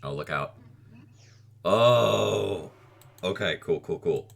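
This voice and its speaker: This gaming creator's low voice is expressive and gravelly with a breathy edge. He narrates a monster-raising game in a casual let's play, poking fun at himself and reacting with short, dry quips.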